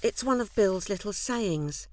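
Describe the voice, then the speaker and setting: A weary housewife, played by an actress, telling her life in a scripted film monologue. She sounds wry and rueful, quietly downcast, with a voice at an ordinary middle pitch for a woman. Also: expressive, measured pace, natural voice. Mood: wistful. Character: weary, wry English housewife in a loveless marriage.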